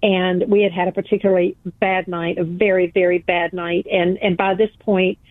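A woman's voice: fairly low pitch, little pitch movement, normal speed, no room sound. A woman guest telling a personal story in an interview, earnest and emphatic, repeating phrases for weight. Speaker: guest author. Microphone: phone call. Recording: tinny phone line, dry.

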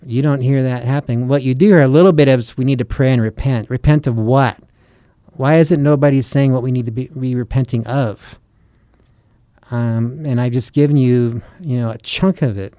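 Earnest man preaching, warm smooth voice. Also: mid-range voice, steady tone, normal speed, dry recording. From United States. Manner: earnest and urgent, rhetorical questions. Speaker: Christian author and preacher. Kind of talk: sermon-style teaching.

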